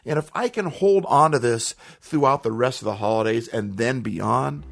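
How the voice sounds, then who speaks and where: A man's voice: mid-range voice, moderate pace, vocal fry, a bit bright. A man hosting a podcast, talking earnestly and emphatically in a motivational monologue, repeating phrases for effect. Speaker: podcast host.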